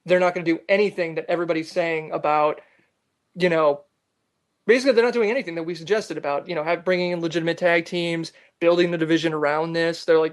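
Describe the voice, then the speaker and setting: Speaking quickly and a bit on the high side, this wrestling podcast host keeps things casual and animated. He reads out comments from listeners, sprinkling in plenty of "uh" fillers.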